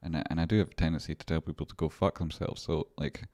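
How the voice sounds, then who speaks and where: A man's voice: a bass voice, steady tone, fast, a little mellow, dry recording, clean studio sound. A Scottish man hosting his own market analysis show, playful and chatty, talking to himself and swearing freely. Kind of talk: casual rambling market commentary.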